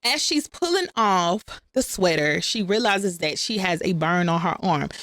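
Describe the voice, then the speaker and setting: A woman's voice: lowish voice, expressive, normal speed, fairly bright tone, no room sound, clean studio sound. A woman host casually retelling a TV episode, chatting to her viewers and acting out the characters' lines in slangy, informal talk. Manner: chatty, addresses viewers as y'all; playfully acts out the characters' lines. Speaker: recap channel host. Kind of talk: casual storytelling recap.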